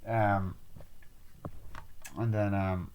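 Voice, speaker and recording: A man's voice: on the low side, little pitch movement, very slow, dull audio, slight background noise. A man giving a rambling, casual spoken film review, acting out lines from scenes with heavy swearing. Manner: retells scenes acting out shouted, swearing quotes; rambling with many fillers. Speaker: movie reviewer.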